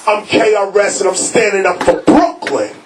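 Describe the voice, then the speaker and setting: A man's voice: high-pitched, normal speed. A man, a rapper speaking to a live crowd in a record store, emphatic and preachy, raising his voice to hammer points home. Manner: preachy, emphatic, shouting for stress. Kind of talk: animated public talk to a crowd. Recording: noisy, distant crowd recording.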